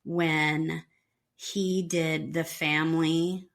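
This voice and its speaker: A woman's voice: low voice, flat delivery, extremely slow, vocal fry. Emphatic woman podcast co-host. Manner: emphatic, argumentative. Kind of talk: casual chat about a reality show.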